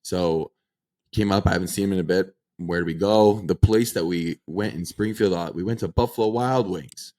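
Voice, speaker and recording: A man's voice: sits low, moderate pace. A man of twenty-five, a podcast co-host, telling a story in casual chat and acting out the people in it. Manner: animated anecdote-telling, acts out quoted dialogue.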